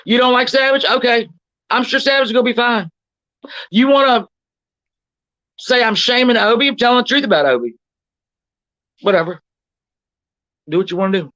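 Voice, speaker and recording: A combative woman livestreamer tears into her critics with profanity and mockery, reading chat comments aloud and snapping back at each one. Her voice sits at a middling pitch and sounds dry and close. The recording is dull and slightly lo-fi. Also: normal speed, long pauses, fairly bright tone, no echo. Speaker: livestream host. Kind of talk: confrontational livestream rant.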